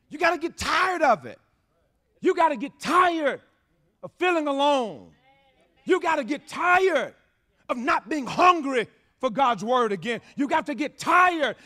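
High-voiced fervent preacher man. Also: big pitch swings, measured pace. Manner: fervent call-and-response preaching, repetitive, builds to shouting. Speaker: pastor. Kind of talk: sermon.

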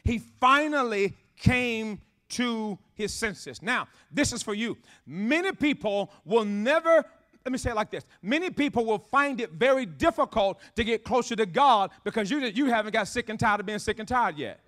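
A man preaching a fervent sermon with call-and-response, repeating phrases and building to shouts. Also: high-pitched, lively intonation, normal speed. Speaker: pastor.

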